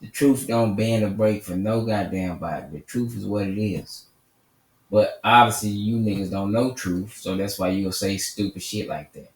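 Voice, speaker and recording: Combative channel host, profane and preachy, sounds off-mic in an echoey room. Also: male voice, on the low side, moderate pace. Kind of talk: angry commentary rant. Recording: roomy echo, mic at a distance.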